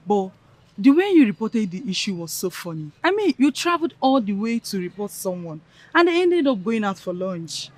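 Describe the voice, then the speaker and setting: A woman's voice: mid-range voice, big pitch swings, moderate pace, a little hiss or hum, natural voice. An actress with a Nigerian Pidgin accent playing a sly young village woman who teases and coaxes the others into a plot. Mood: amused. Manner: teasing, laughing, conspiratorial.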